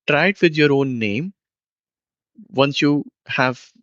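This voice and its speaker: A man teaching a beginner language lesson, speaking slowly and patiently and repeating each phrase for the listener to copy. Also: on the high side, fairly bright tone, dry recording. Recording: dull lo-fi dry sound.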